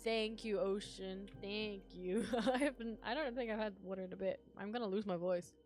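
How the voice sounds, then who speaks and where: A young woman streams herself playing a dating game, reading it aloud in a mid-range voice. She is giggly and excitable and breaks into sudden loud outbursts, with faint music playing under her. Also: medium pitch, normal speed. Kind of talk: casual game playthrough with read-aloud dialogue.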